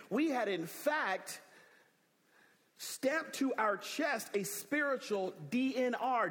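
Slow-preaching man in a reverberant hall. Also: sits high, fairly bright tone. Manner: emphatic preaching, repeats key phrases with rising emphasis. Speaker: pastor. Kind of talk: sermon.

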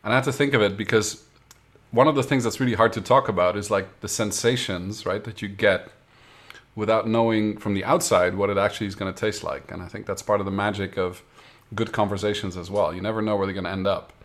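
A man's voice: on the low side, steady tone, quick pace. A man hosting a casual backstage interview, asking thoughtful questions. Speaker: podcast host.

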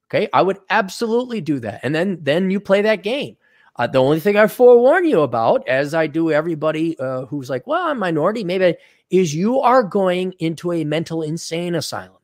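A man with a somewhat high voice riffs bluntly and sarcastically while reading out viewer donations. He talks casually, close to the mic in a dry, deadened room. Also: dry recording. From Wisconsin. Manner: blunt, sarcastic, acts out mocking quotes. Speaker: podcast co-host.

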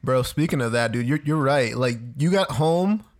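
A man's voice: mid-range voice, animated, normal speed. A man co-hosting a casual podcast, laid-back, swearing and saying dude a lot. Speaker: podcast co-host. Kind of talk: casual chat.

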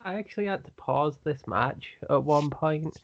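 A man's voice: on the high side, moderate pace, no echo. A man co-hosting a casual wrestling chat, telling a wry story. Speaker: podcast co-host. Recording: dry, dull lo-fi sound.

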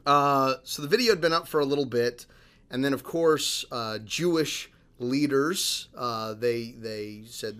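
A man's voice: mid-range voice, a little slow, fairly bright tone, clear, resonant tone. A man co-hosting a podcast, rambling through a news story in casual chat with many fillers and restarts. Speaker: podcast co-host.

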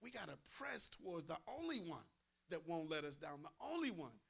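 A man's voice: on the high side, big pitch swings, normal speed, creaky, fairly bright tone, breathy edge. A man preaching a sermon, emphatic and repetitive, often asking the congregation "amen?". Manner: emphatic, repeats phrases, asks the crowd "amen?".

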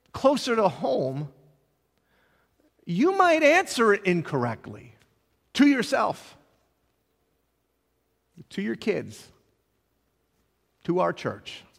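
A middle-aged man, a pastor, preaching a sermon with passion, stumbling over repeated words and swinging between loud and soft. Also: high-pitched, creaky. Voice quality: impassioned, with dramatic swings in loudness and repeated words. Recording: long hall reverb.

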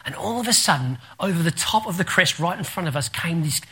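An Australian man delivers a sermon with a bright, forceful voice that sits a little high for a man. He preaches like an animated storyteller and laughs through his anecdotes. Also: brisk, husky. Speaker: pastor.

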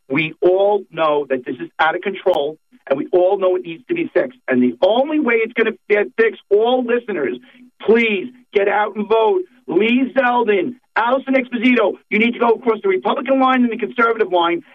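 A man, a political candidate calling in to a radio show, talking emphatically and repeating his points. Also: sits high. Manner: emphatic campaign talk, repeats phrases. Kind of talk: phone-in radio interview. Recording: tinny phone line.

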